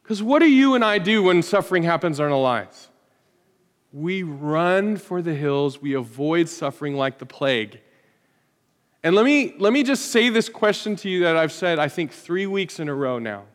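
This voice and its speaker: Pastor delivering a sermon, emphatic and dynamic, slightly high-pitched man, church sanctuary with long reverb. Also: lively intonation, normal speed. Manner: emphatic, swings from loud rhetorical questions to hushed lines. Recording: hall reverb.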